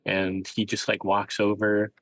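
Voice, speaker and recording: A man with a low, gravelly voice tells a rambling story as a podcast co-host. His delivery stays flat and unhurried. The sound is close and dry. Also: no room sound, low-quality recording. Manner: rambling, hedging with fillers. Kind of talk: casual storytelling.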